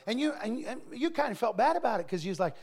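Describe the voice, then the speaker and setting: A middle-aged man preaches with a high, gravelly voice. He is animated and slips into the voices of people from his stories. It is a lively sermon from the pulpit. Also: fast. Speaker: pastor.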